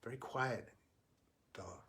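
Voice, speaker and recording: A man giving a livestreamed spiritual talk, earnest and halting, often restarting his sentences. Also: medium pitch, pushed and bright. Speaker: spiritual teacher.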